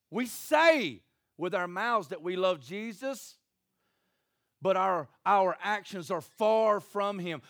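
A man, preaching a sermon in a church with jokey, animated storytelling and acted voices. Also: sits high. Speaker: pastor.

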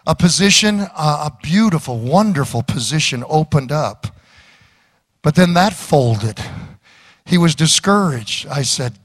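A male pastor preaching a sermon slowly and emphatically, with laughs and sudden lifts in his voice. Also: fairly high pitch, expressive.

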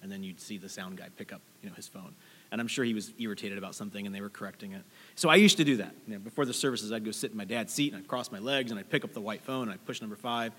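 A man's voice: lowish voice, very fast, fairly bright tone, breathy edge, in a large hall. A man in his thirties preaching a sermon as pastor, telling stories in a conversational way and speaking directly to the congregation. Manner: conversational, storytelling with asides to the congregation. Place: church sanctuary.

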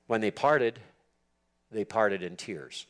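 A man's voice: lowish voice, expressive, slow pace, a bit bright. Earnest man preaching an emphatic sermon. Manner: earnest, emphatic, repeats words for stress. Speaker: preacher teaching church leaders. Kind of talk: expository sermon.

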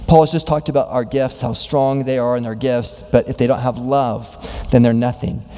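A man preaching a sermon, asking many rhetorical questions and acting out quoted voices with big pitch jumps. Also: little pitch movement, moderate pace, dark tone. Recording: long hall reverb.

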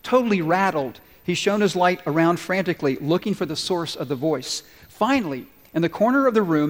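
In a large church with long hall reverb, a male pastor preaches a sermon in a slightly high, animated voice. He speaks fairly quickly with few pauses, staying earnest and conversational as he poses questions to the congregation.

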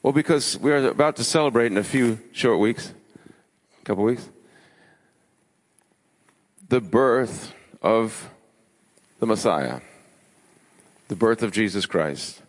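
A man preaching a sermon as pastor, emphatic, building his lists with rising pitch. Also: lively intonation, slow, long pauses. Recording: long hall reverb.

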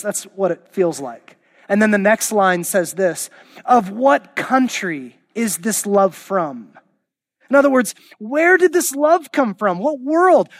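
Emphatic high-voiced preacher. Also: male voice, dry recording. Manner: passionate, emphatic, rising to exclamations. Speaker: pastor. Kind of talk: sermon. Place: church auditorium.

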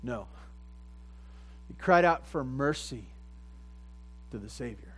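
A man preaching a sermon in a conversational way, often repeating phrases and rising louder at the points he stresses. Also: mid-range voice, animated, slow, pauses often, slight background noise, low-quality recording. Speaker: pastor.

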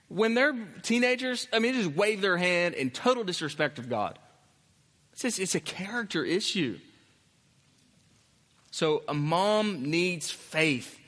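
A man's voice: a little high, fairly bright tone, in a large hall. A male pastor preaching a sermon in an emphatic, conversational way. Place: church.

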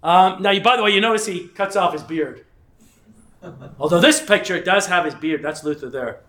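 A middle-aged man from England lectures in a loose, rambling way. His voice sits fairly high, and he slips into acted-out quotes between chuckling asides. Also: moderate pace, fairly bright tone. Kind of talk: casual lecture with anecdotes.

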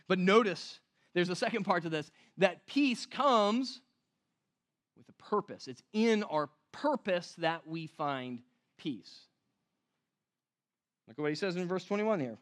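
A man preaching a sermon in a conversational way, often asking the room questions and slowing down to stress key words. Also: sits high, expressive, a bit bright. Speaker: pastor.

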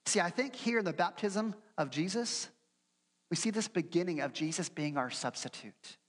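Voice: medium pitch, expressive, moderate pace. Preacher in a reverberant church. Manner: earnest teaching with acted-out quotes and rhetorical questions. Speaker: pastor. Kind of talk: sermon. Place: church sanctuary. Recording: long hall reverb.

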